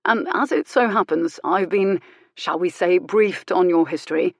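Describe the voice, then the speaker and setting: A woman voicing a calm, dry-witted male country vicar who speaks mildly but bluntly. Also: lowish voice, normal speed, dry recording. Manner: mild, blunt, quietly commanding.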